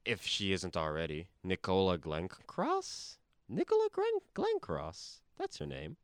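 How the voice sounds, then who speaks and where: An animated man in casual conversation, chiming in with questions and opinions. His voice sits very low, moves through a lively range of pitch, and sounds smooth and resonant. The recording is close and dry. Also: a little slow, no echo. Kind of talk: casual chat.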